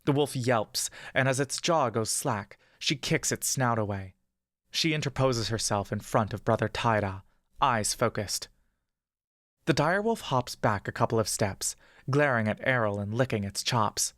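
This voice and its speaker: A man narrating a fantasy adventure story in the second person, with steady, measured pacing. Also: mid-range voice, dry recording, clean studio sound.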